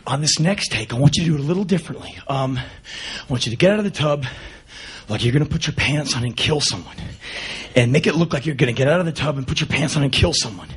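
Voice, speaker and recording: Man doing a film director, impatient, patronizing, coaxing, slightly raised pitch. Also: expressive, fast, slightly rough.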